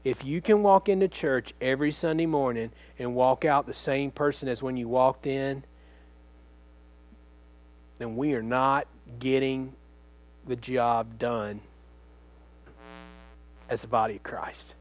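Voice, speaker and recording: A man's voice: mid-range voice, slow, pauses often. A man preaching a sermon as pastor, speaking earnestly and conversationally, often turning to the congregation with direct questions.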